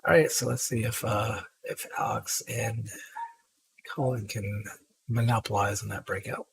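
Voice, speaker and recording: A man's voice: on the low side, steady tone, a little slow, gravelly, a little hiss or hum. A man doing casual live commentary on a pool match, laid-back and joking.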